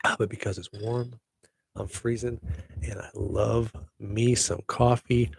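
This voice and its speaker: A man's voice: lowish voice, flat delivery, a little slow, creaky, husky, dry recording. A middle-aged man hosting his own podcast, chatty and upbeat with jokey asides. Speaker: podcast host. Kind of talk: casual solo podcast chat.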